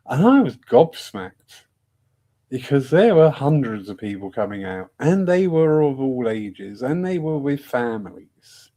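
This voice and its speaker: A man's voice: mid-range voice, very animated, measured pace, warm tone. A man hosting a discussion evening, chatting in a rambling, self-mocking way and laughing often. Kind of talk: casual rambling talk.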